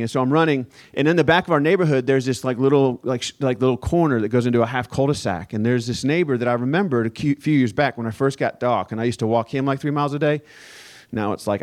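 A male pastor preaching a sermon as a relaxed, conversational personal story. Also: medium pitch. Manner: casual, conversational storytelling with fillers.

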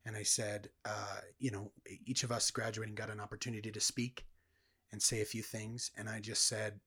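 Low husky-voiced man sharing his testimony. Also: flat delivery, brisk, bright, forceful tone. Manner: earnest, reflective storytelling. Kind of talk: personal testimony in conversation.

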